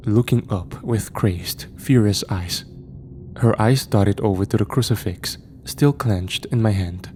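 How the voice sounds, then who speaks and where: A man reading a first-person horror story aloud in a measured, steady storytelling manner. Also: on the low side, slight background noise. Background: faint background music.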